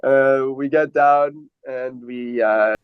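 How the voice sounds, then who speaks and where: A man rambles through a story about his business, full of fillers and restarts. His voice sits at a middle pitch. The sound is close and dry, with a dull lo-fi edge. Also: fairly even intonation, slow, smooth, dry recording. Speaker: entrepreneur guest. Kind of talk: casual podcast chat.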